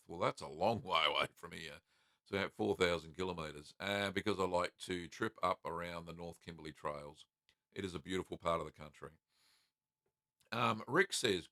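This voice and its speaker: A middle-aged Australian man from South Australia hosting a live cheese-making Q&A, reading out viewer comments in a relaxed, friendly way with many ums and uhs. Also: deep voice, moderate pace, no room sound, clean studio sound. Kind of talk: casual live-stream chat reading comments.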